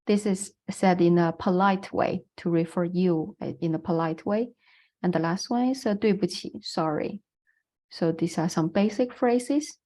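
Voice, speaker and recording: A woman's voice: on the low side, a little slow, warm tone. A woman with a Chinese accent, a non-native English speaker, giving an online lecture on the Chinese language in a patient, explanatory way with frequent fillers.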